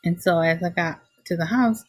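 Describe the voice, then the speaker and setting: A woman with a low, breathy, husky voice recounts a personal story in a casual, animated way, often exclaiming as she acts out her own reactions. The sound is dry and close, as if spoken straight into a computer microphone. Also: normal speed, no room sound. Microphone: computer mic, screen recording.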